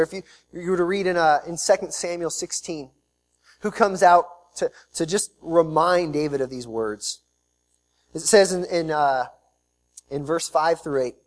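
A man preaching a sermon as pastor, with dynamic delivery that swings between loud emphasis and quiet, low passages.

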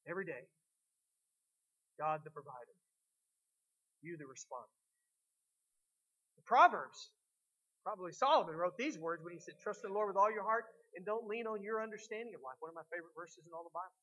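Man, middle-aged, pastor, sermon, animated, bright tone, slightly high voice. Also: a little fast, pauses often, dull audio. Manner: animated preaching, swings from loud emphatic to quiet.

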